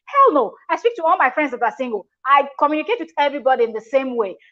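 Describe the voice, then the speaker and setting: A reaction channel host speaks fast in a high-pitched, expressive voice that sounds pushed and bright, with the highs cut off. Her casual commentary is chatty and emphatic, with many restarts.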